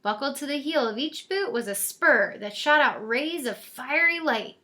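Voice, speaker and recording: Storyteller: woman, high and bright, lively read-aloud. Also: moderate pace. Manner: lively, expressive reading voice.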